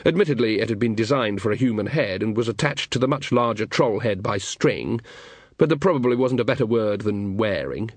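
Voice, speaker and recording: A man narrating an audiobook in a measured, wry storytelling manner. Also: on the low side, expressive, breathy edge, no echo. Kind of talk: scripted narration.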